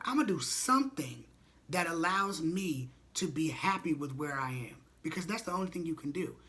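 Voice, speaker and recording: Guy vlogging life advice, bright voice, chatty and blunt, drops a swear here and there. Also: fairly high pitch. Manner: candid, chatty, swears casually, addresses viewers as y'all. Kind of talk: casual motivational talk to camera.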